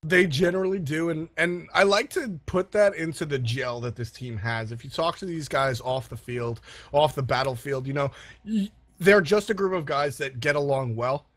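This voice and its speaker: A man casting an esports match, chatty and quick to laugh, often restarting his sentences. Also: fairly high pitch, fairly bright tone, no echo. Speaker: esports caster. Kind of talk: play-by-play commentary.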